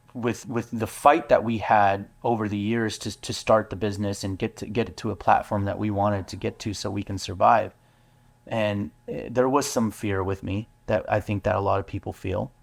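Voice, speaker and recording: A man, a business owner, telling his story in an interview, earnest and halting with many fillers and restarts. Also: lowish voice, fairly even intonation, vocal fry. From United States. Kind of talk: candid interview talk.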